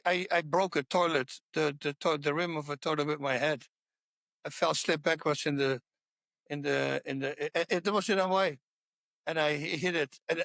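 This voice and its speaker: A man who is a podcast guest, telling animated stories in casual chat, laughing mid-sentence and restarting words as he goes. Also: fairly high pitch, gravelly, no echo.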